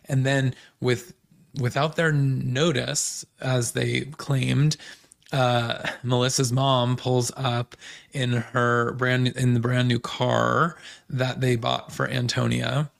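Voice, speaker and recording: A man's voice: mid-range voice, little pitch movement, takes it slowly, creaky. A man hosting a podcast, chatting casually and gossipily about reality TV, full of fillers like "um" and "you know". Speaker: podcast host. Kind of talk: casual recap chat.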